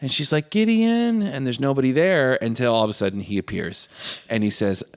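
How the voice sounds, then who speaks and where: Guy on a podcast gushing about a movie, jumps into silly voices for the quotes, dry close sound, normal pitch. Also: a little fast, dry recording. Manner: animated, acts out quoted lines with big pitch jumps and laughs. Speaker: podcast co-host. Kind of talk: casual chat recapping a film.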